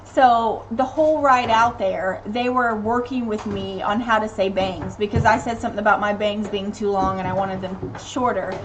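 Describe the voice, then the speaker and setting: A woman's voice: mid-range voice, fairly even intonation, normal speed, few pauses, a little hiss or hum, rough recording. A woman in her thirties from Tennessee, a mother chatting casually on a live stream, rambling with many ums and reading viewer comments aloud. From Tennessee, USA.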